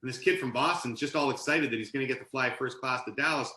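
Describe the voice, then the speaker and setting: A man with a bright, forceful voice tells stories at an animated clip, now and then laughing as he goes. He sounds like a guest on a casual podcast, and the sound carries a roomy echo. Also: mid-range voice, fast talker. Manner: animated anecdote-telling, laughs mid-story. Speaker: podcast guest, author and sportscaster. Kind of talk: casual storytelling interview.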